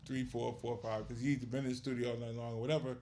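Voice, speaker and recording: A man's voice: medium pitch, little pitch movement, quick pace, mellow, slight background noise. A man, a music manager and podcast guest, telling blunt stories in casual chat. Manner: blunt, storytelling with laughs.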